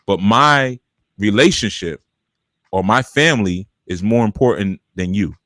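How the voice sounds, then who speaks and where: A man's voice: fairly low pitch, lively intonation, unhurried, fairly bright tone, no echo, studio quality. A man hosting a live call-in spiritual advice show, talking in a streetwise, preachy, colloquial way. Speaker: radio show host and spiritual teacher.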